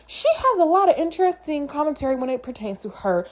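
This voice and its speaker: A woman's voice: high voice, very animated, fast, no echo. A woman in her thirties hosting her own channel, giving casual, candid reaction commentary with plenty of opinionated asides. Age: 30s.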